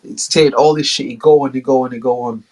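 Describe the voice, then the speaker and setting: A man's voice: medium pitch, fairly even intonation, fast talker, a little mellow, poor audio. A man hosting a podcast, telling a story in a loose, slangy, rambling way. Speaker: podcast host. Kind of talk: casual storytelling.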